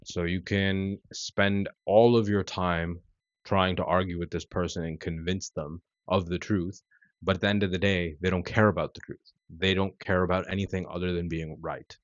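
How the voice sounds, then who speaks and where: Deep-voiced man telling a story casually. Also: normal speed, no echo, muffled recording. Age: 30s. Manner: relaxed and conversational, full of "like" and "you know". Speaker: vlogger.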